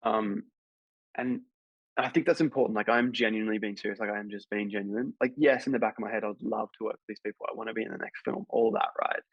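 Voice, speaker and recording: This is an actor guest on a podcast chat, a man spinning a long, meandering anecdote loaded with fillers. He talks fast in a steady, gravelly low voice. The sound is dull, dry, and lo-fi.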